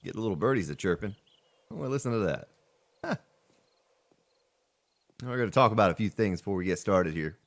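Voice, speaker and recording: Folksy, playful man with a lively voice. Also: lowish voice, a little fast, pauses often. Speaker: let's play host. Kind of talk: casual gameplay commentary.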